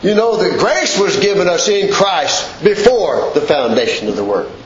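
Preacher guy, kinda high voice, folksy, stretches his words, big echo, muffled lo-fi sound. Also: very animated. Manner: preaching with swooping pitch and drawn-out emphasis, folksy. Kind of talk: sermon. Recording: echoey room, dull lo-fi sound.

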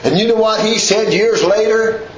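Folksy preacher, echoey room. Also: male voice, a little hiss or hum. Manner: preaching with swooping pitch and drawn-out emphasis, folksy. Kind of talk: sermon. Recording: echoey room, dull lo-fi sound.

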